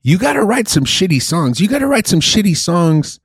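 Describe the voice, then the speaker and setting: A man with a lively voice that swings up and down chats and jokes on a podcast. His voice sits in a middle register and sounds close and dry. He sounds like he is in his thirties. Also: high voice, brisk, slightly rough, dry recording. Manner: animated, joking. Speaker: podcast co-host. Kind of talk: casual chat.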